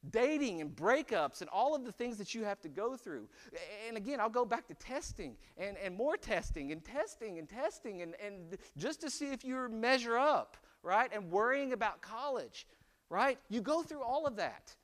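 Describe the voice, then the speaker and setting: A man in his forties preaching a conversational sermon, chatty and animated, often asking "right?". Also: sits high, moderate pace. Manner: animated and chatty, with rhetorical "right?" and frequent laughs. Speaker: pastor.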